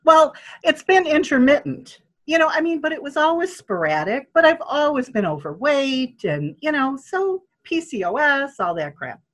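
An older woman telling a personal story in a casual interview, animated and acting out what people said. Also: high voice, moderate pace, few pauses. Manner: animated, acting out quoted speech. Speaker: guest.

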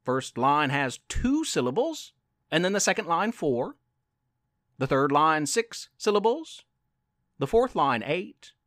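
Playful, encouraging male podcast host; high, animated, slow delivery. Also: dry recording, studio quality. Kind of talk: scripted storytelling narration.

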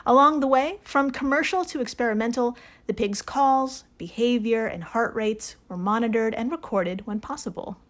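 A woman's voice: on the high side, moderate pace. A young woman co-hosting a casual podcast, playfully explaining a science study and reading out quotes. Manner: playful, giggly, explains science to her co-host. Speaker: podcast co-host. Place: New York.

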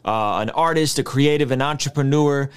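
A man hosting a podcast interview who introduces his guest with energetic, hyped delivery. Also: mid-range voice, normal speed, clean tone. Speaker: podcast host.

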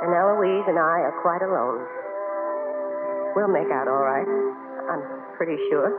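An actress playing a wry, steady young woman who narrates in 1940s radio drama style, dry and teasing. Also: mid-range voice, lightly acted. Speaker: narrator and farm wife. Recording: tinny, hissy old radio broadcast.

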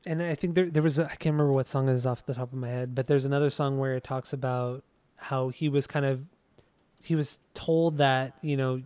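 A man's voice: medium pitch, fairly even intonation, fairly quick, darkish tone, clean tone, dry recording. A man co-hosting a podcast who explains things in a tentative, hedging way. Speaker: podcast co-host. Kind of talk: casual chat.

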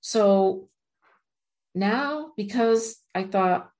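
A woman's voice: mid-range voice, very slow, darkish tone. A woman giving an earnest, encouraging motivational talk, speaking straight to her viewers. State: near tears at moments. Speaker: self-help speaker.

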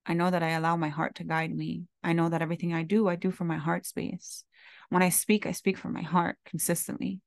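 A woman's voice: fairly low pitch, flat delivery, brisk, vocal fry, no room sound, studio quality. A woman hosting her own podcast, talking in a candid, heartfelt and confessional way, with the odd casual swear. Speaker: podcast host. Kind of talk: candid reflective monologue.

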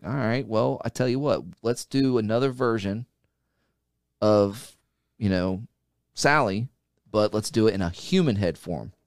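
A man co-hosting a podcast, telling stories in a profane, animated way and acting out what people said. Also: fairly low pitch, dry recording, studio quality. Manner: profane, animated storyteller who acts out quotes. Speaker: podcast co-host. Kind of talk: casual podcast chat.

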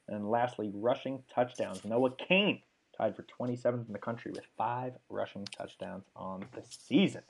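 A man's voice: on the low side, gravelly, darkish tone. Casual young man rattling off stats. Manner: enthusiastic, rattles off stats with fillers. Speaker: podcast host. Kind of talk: casual sports podcast chat.

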